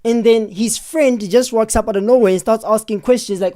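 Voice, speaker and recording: A man hosting a live stream, giving excitable, chatty commentary on video footage and often breaking off to pause it. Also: sits high, a faint crowd. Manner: excitable, chatty, keeps saying "hold on".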